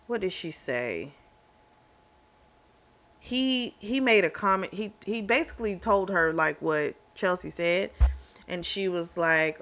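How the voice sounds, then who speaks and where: A book reviewer talks through a romance novel's plot in a loose, chatty way. The voice sits at a middling pitch, neither high nor low. Quick reactions and laughs break into the retelling. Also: bright, forceful tone. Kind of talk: casual book recap.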